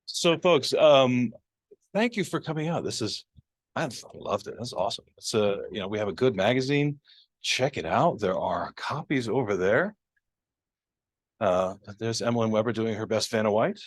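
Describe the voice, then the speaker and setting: A man with a mid-pitched voice hosts a literary magazine launch in a library gallery. He makes casual, filler-laden announcements and coaxes people along playfully. The recording sounds dry and close. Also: lively intonation, moderate pace, no echo. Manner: chatty, filler-heavy, coaxing. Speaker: event organizer and magazine editor. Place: university library gallery reception.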